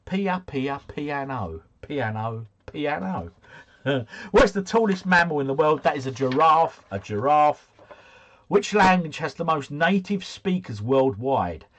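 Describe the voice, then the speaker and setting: A man's voice: fairly high pitch, animated, measured pace, fairly bright tone. A man hosting a trivia quiz, reading out questions and answers and adding chatty, joking asides. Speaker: quiz host.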